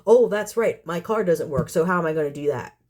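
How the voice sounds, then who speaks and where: A woman's voice: fairly low pitch, expressive, a little fast, a little mellow. Casting note: woman vlogger, fed-up and sarcastic, rambles and repeats herself while venting at her viewers. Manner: exasperated, sarcastic, full of rhetorical questions. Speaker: community cat caretaker and channel host. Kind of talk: vlog rant to viewers.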